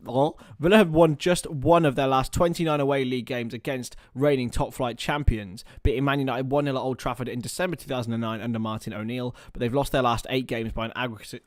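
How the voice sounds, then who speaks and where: A man's voice: medium pitch, fairly quick, hardly any pauses, no echo, clean studio sound. A young man hosting a casual live stream, rambling, joking about himself and reading out viewer comments. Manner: chatty, rambling, self-mocking, reads chat aloud. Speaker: livestream host. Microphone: webcam or computer mic.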